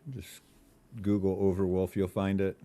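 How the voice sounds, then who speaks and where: A man's voice: low voice, a little slow. Chill guy streaming a game, talks things out, cusses a bit. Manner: relaxed, thinking aloud, swears. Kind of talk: casual live-stream chat.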